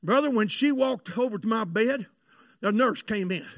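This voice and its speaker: A pastor preaching a sermon and telling a personal story, fervent and confiding by turns. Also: male voice, high voice, lively intonation, moderate pace, no echo. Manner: fervent, swings between shouted preaching and hushed confiding storytelling.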